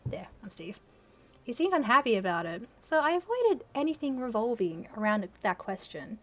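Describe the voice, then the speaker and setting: In a slightly high, sing-song voice at a moderate pace, a young woman hosting a channel reads the fan fiction she wrote as a teenager. She mocks her old story with sarcastic, self-deprecating comments and keeps laughing.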